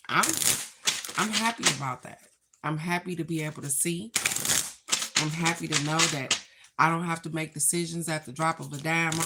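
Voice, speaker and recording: Heavy background noise surrounds this card reader as she draws her daily spiritual cards on camera. Her voice runs on the low side, and she chats warmly with viewers, addressing them as "y'all" and "baby."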